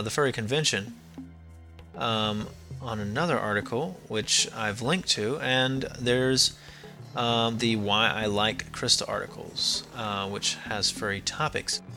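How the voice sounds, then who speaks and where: Bright-voiced young podcast host. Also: male voice, mid-range voice. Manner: halting, many ums and restarts. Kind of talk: casual podcast, reading listener emails.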